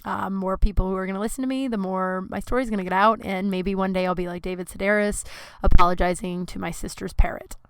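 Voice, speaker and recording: A woman's voice: mid-range voice, steady tone, fast talker, clear, resonant tone, no echo. A woman hosting her podcast, telling a rambling, profane, self-deprecating story in a casual monologue. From Colorado. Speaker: podcast host.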